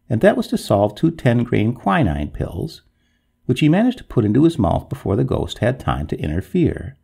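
A man's voice: on the low side, creaky, warm tone, husky. A man narrating a classic ghost story in a wry, dramatic reading style.

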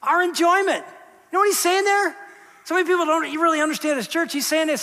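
Preaching a little fast, a pastor speaks with a high, bright, forceful voice that trails a long reverb through the sanctuary. His sermon is conversational, swinging from quiet asides to loud, emphatic declarations.

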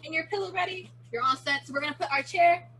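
A teenage girl runs a kids' martial arts challenge over a video call, playful and chatty as she explains each step. Her voice is very high and bright, with a faint hum behind it. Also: fast. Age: teen. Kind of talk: virtual kids' class instruction.

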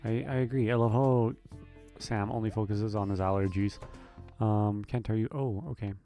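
Chatty, low-voiced let's play guy. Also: fairly even intonation, moderate pace, mellow, soft background music. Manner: chatty, rambling with many fillers. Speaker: gaming video creator. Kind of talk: relaxed let's play commentary.

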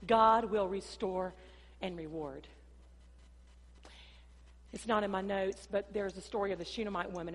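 A woman pastor preaching a sermon, swinging between loud, emphatic passages and quieter storytelling, sometimes acting out voices. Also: fairly low pitch. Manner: preaching with dramatic rises and drops, acting out dialogue. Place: church sanctuary. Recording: long church-hall reverb.

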